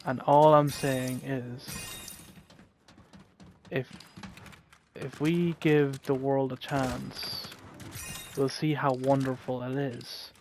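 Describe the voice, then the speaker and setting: A man slowly telling a heartfelt story in an earnest way, often repeating his phrases. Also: mid-range voice, little pitch movement, a little hiss or hum. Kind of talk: storytelling monologue over gameplay.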